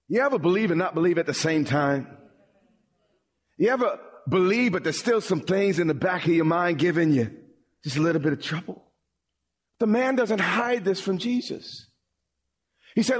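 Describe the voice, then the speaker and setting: A man preaching a sermon as pastor, in a dramatic style that drops low and quiet and then rises high and pleading. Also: animated, unhurried, long pauses.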